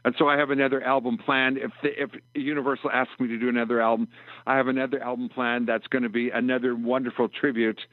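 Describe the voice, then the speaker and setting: An older man from Canada tells long rambling stories as a guest, acting out both sides of old conversations. His voice sits at an ordinary middle pitch. It comes through a tinny, dry phone line. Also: little pitch movement, quick pace, no room sound. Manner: rambling anecdotal storyteller, acts out dialogue. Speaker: guest musician. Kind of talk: storytelling interview over the phone. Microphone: telephone.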